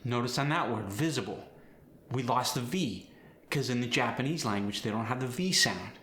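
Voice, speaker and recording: Male voice teacher, clear instructional delivery, bright tone. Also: mid-range voice, a little fast, echoey room. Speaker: accent coach. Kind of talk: instructional explanation.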